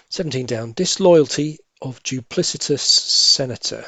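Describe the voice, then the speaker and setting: A man thinking aloud as he works through cryptic crossword clues, musing and correcting himself, with quiet half-muttered asides. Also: medium pitch, unhurried, dry recording. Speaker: crossword solving tutor.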